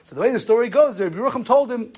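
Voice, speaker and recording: Quick, high-voiced man teaching a Torah class. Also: expressive, a little mellow, slightly rough. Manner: conversational, storytelling, Yiddish and Hebrew terms. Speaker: rabbi lecturer. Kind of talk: Torah lesson on Jewish law.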